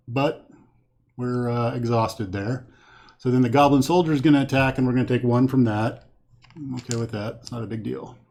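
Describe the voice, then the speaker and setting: A man's voice: medium pitch, a little mellow. A man hosting a solo card game playthrough, thinking aloud as he counts cards and weighs each move from a home setup with a green screen. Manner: thinks aloud, counts cards, talks himself through choices. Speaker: host playing a card game.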